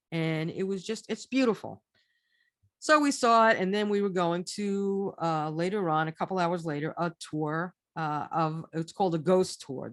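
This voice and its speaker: A woman's voice: lowish voice, no room sound, clean studio sound. A woman telling a casual travel story, chatty and rambling, restarting her phrases often. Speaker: storyteller recounting a trip.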